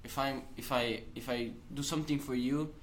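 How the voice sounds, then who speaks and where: A young man from Italy with an Italian accent, a podcast guest who talks in an earnest, halting way and laughs often. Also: medium pitch, fairly even intonation, a little hiss or hum. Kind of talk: casual conversation.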